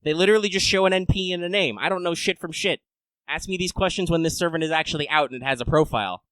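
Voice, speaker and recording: A man hosting a casual podcast, rambling and swearing, swinging between loud rants and low mutters. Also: fast talker, dry recording, rough recording. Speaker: podcast host.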